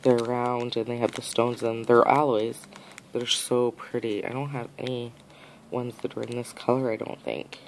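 Slow-talking gushing woman vlogger. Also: very deep voice, a little mellow, a little hiss or hum, poor audio. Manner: gushing, repeats her praise; talks straight to the camera and the sender. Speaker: nail art vlogger. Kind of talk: casual haul unboxing chat.

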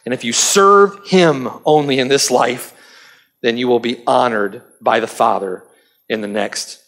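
A man preaching a sermon as pastor, swinging from raised, urgent appeals to low, quiet questions. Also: measured pace.

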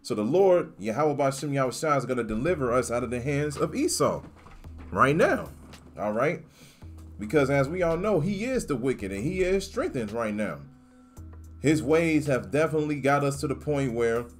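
A man reading scripture aloud and commenting on it with emphatic, slangy asides, often tacking "man" onto his points. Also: mid-range voice. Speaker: scripture teacher.

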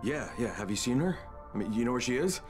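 A man's voice: mid-range voice, very animated, quick pace, over music, lightly acted. An actor playing a determined male agent who talks in an earnest, urgent way.

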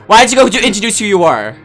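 A man hosting a casual gaming livestream on a headset mic, excitable and swearing, flipping between mock rage and cheerful chat. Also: sits high. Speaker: streamer host.

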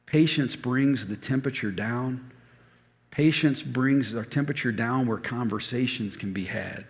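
Gravelly older male pastor preaching. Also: medium pitch, a little slow, long reverb tail. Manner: storytelling with repeated phrases. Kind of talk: sermon. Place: church hall.

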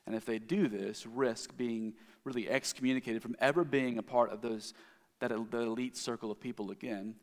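A man's voice: mid-range voice, steady tone, normal speed. A man giving a sermon as the pastor, telling a story in a conversational way with frequent restarts. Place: church sanctuary. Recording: long hall reverb.

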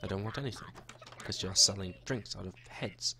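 In this let's-play, a young gaming YouTuber jokes his way through his gameplay and addresses the characters he meets. He speaks briskly and expressively in a lowish voice, over a loud crowd.

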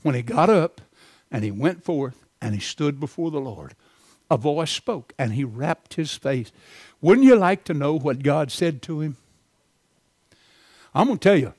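A man's voice: on the high side, no echo. Passionate preacher man, dry sound. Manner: impassioned preaching, swinging from loud to soft. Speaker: pastor. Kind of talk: sermon.

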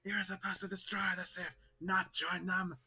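A streamer putting on a reproachful older mentor. The voice stays bright and sharp, with a mock-dramatic weight on each line. It delivers heartbroken scolding as a bit. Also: male voice, high voice, flat delivery, moderate pace, slightly rough, voice pushed up, exaggerated voice.

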